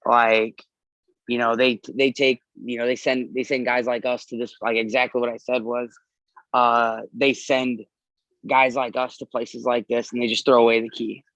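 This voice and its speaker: A man's voice: medium pitch, level tone, moderate pace, a bit bright, no echo, dull audio. A man in his thirties, an army veteran, candidly telling his own story in a podcast interview and swearing freely.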